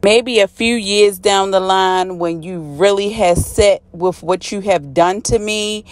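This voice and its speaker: A woman's voice: mid-range voice, dry recording. A woman giving a casual TV episode recap, blunt, slangy and opinionated. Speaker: TV recap vlogger.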